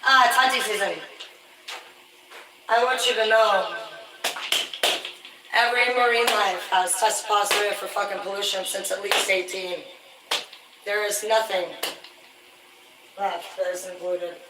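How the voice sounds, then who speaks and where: A man's voice: high-pitched, fairly even intonation, a little slow, pauses often. A man telling rambling, profane stories about fishing work on a live stream, loose and boastful. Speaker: livestreamer, former commercial fisherman. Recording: echoey, distant, noisy room.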